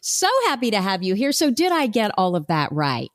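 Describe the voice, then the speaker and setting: A woman in her forties hosts a podcast, chatting casually with her guest and laughing often. Her mid-range voice is sing-song at a normal speed, recorded cleanly in a studio with no echo.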